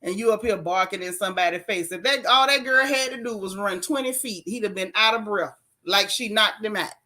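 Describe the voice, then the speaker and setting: A woman hosting a casual chat stream, reading viewer comments aloud and reacting with sassy, animated commentary. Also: mid-range voice, fairly quick. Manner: animated, sassy, reads chat aloud with jokes and put-on voices. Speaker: host reading live chat.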